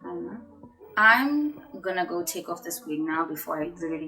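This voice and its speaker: A young woman vlogging casually about her personality test results, playful and dramatic, with sudden loud bursts of excitement. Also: lowish voice, brisk, faint music behind, low-quality recording.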